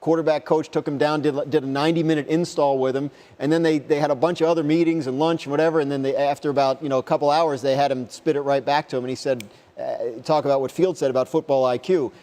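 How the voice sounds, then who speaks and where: Chatty sports reporter man, slightly high voice. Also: steady tone, fast talker, warm tone. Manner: rambling, many restarts and retold quotes. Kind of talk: conversational interview answers.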